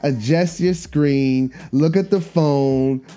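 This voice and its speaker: A man hosting a podcast, telling a story in a casual monologue, animated and slangy, often repeating himself. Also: on the high side, takes it slowly, clear, resonant tone. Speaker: podcast host.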